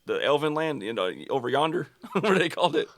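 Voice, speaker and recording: A man's voice: a little high, very animated, fairly quick, fairly bright tone, dry recording, clean studio sound. A man co-hosting a podcast, talking in brash, profane casual banter and laughing often. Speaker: podcast co-host.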